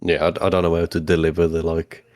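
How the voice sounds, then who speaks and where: A man's voice: deep voice, completely flat delivery, fast talker, a little mellow, no echo. A man co-hosting a podcast, laid-back and sweary. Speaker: podcast co-host. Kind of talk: casual chat.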